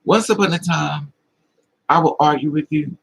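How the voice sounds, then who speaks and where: Man, livestream host, emotional confiding chat, slightly high voice, gravelly. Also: moderate pace, a bit bright, low-quality recording. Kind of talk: casual livestream talk, answering chat.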